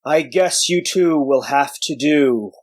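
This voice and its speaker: Guy doing a huge old sad monk, gruff, drags every word, pretty dry sound. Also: fairly high pitch, dry recording. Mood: solemn. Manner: slow, weighty, sorrowful delivery. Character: century-old giant warrior monk elder, sad and gruff.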